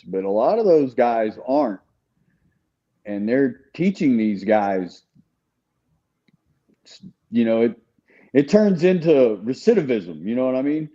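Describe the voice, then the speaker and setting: A man's voice: mid-range voice, warm tone, highs cut off. A man telling a story in casual podcast chat, talking conversationally with frequent restarts. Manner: conversational, with repeated restarts and "you know". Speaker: podcast guest.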